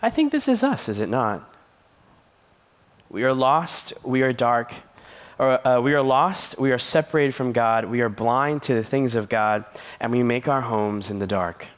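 A man's voice: mid-range voice, animated, unhurried. A man preaching as a youth pastor, telling stories with playful voices and laughter. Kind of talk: sermon.

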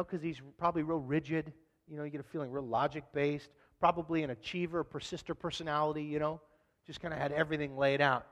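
Guy preaching casual and funny, lots of asides, big echoey sanctuary sound. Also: a little high. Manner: conversational, humorous, animated asides. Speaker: pastor. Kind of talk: sermon. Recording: long hall reverb.

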